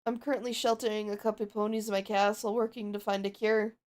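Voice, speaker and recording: A woman's voice: medium pitch, flat delivery, fast talker, a little mellow, lightly acted. A woman voicing Twilight Sparkle, an anxious, studious mare pony, narrating worried diary-like entries while role-playing a game.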